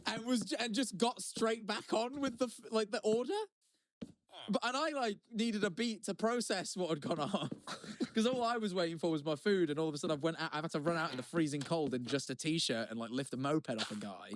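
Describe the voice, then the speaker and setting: A man's voice: sits high, a little fast. A man co-hosting a podcast, telling a story in casual chat, swearing freely with rambling asides and restarts. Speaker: podcast co-host.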